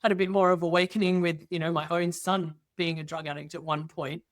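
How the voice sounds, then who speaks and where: A middle-aged woman guest telling personal stories in casual conversation, lively and acting out dialogue with quoted voices. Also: on the low side, brisk, dry recording. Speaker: interview guest.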